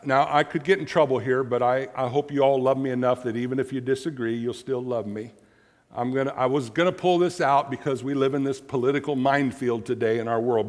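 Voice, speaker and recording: A middle-aged man preaching a sermon as pastor, animated and repeating words for emphasis. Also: mid-range voice. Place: church sanctuary. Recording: long church reverb.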